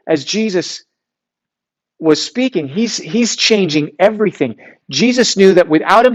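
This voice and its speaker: A man preaching to a youth group in a relaxed, conversational way, reading scripture aloud with frequent restarts. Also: high voice, muffled recording. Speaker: youth pastor. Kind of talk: sermon.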